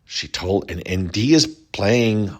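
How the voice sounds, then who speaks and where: A chatty man with a slightly low voice, recapping reality TV in a loose, rambling way. He restarts sentences and now and then jumps higher to act out what others said. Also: expressive, slow pace. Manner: chatty, rambling, quotes houseguests in lifted voices. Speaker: reality show recap host. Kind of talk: casual recap commentary.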